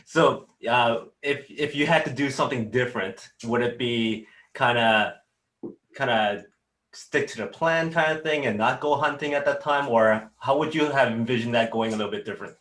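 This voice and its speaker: A man hosting an interview, giving brief responses and asking halting questions. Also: medium pitch, fairly bright tone. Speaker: host. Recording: roomy sound.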